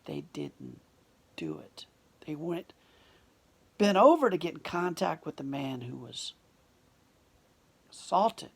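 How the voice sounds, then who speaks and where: Woman, husky, emotional testimony, hushed near-whispers. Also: low-pitched, animated, slow, pauses often.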